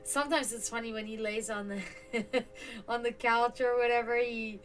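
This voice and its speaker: A woman hosting a home livestream, chatting casually and rambling, who laughs often, swears, and slips into high sing-song baby talk with her cats. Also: fairly even intonation, moderate pace, faint music behind, rough recording. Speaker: esoteric stream host. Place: home, indoors.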